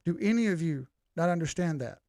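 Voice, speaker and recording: A man with a somewhat high, gravelly voice hosts a live stream and talks through charts in a loose, casual way. He is blunt and combative and speaks straight to his viewers. The sound is close and dry. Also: animated, fairly quick, mellow, no echo. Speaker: crypto live-stream host.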